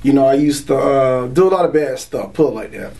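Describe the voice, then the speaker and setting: A man's voice: medium pitch, expressive, brisk, gravelly, mellow. A young adult man from Florida, telling his testimony in casual street slang and often saying "you know". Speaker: man giving a religious testimony.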